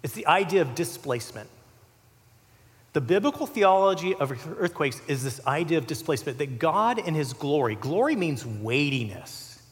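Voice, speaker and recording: A man preaching with a high, lively voice that swings up and down as he talks. He keeps it conversational and animated, tossing in asides as he goes. His words ring out with a long reverb, as in a big church hall. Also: normal speed. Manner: animated, conversational, with asides and filler "you know". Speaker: pastor. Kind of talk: sermon.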